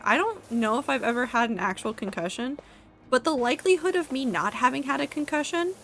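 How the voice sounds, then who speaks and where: A woman's voice: a little high, a bit bright, a little hiss or hum. A young woman streaming a game from home, chatting casually with her chat in a rambling way, laughing at herself. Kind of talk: casual chat reading live chat while gaming.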